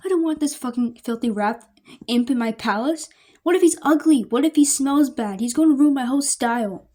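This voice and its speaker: Bratty swearing princess sister, high and mellow, read by a woman. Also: expressive, a little fast, close to an everyday voice. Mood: bratty, sneering. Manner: whiny, sneering, swearing. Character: bratty, foul-mouthed younger royal sister.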